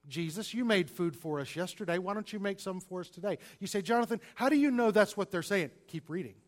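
A man preaching a sermon, stressing single words and swinging between loud and quiet delivery. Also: high-pitched, animated, brisk. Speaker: pastor.

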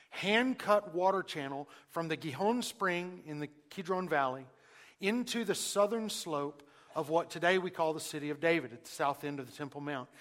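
A man preaching a sermon, who asks the congregation questions and uses dramatic pauses, moving between loud emphasis and near-hushed lines. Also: sits high, long reverb tail. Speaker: pastor.

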